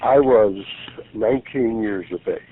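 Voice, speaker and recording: A man's voice: fairly low pitch, a little slow, slight background noise. A man in his seventies, a pastor, telling his story earnestly in a radio interview and acting out what people said. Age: 70s. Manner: earnest, retells events by acting out the voices. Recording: gravelly voice over a tinny phone line.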